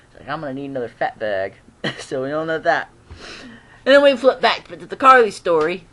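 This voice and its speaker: A mid-range voice belongs to an eager fan summarizing a TV episode for a casual vlog. They meander and start over, clearing their throat and chuckling often, repeatedly quoting the characters themselves.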